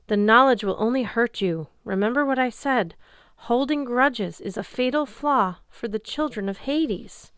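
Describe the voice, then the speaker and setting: A woman's voice: a little high, measured pace, hardly any pauses, a bit bright, clear, resonant tone, no echo, clean studio sound, pitched above the performer's own voice. A woman voicing the solemn ghost of a teenage girl who speaks in grave warnings.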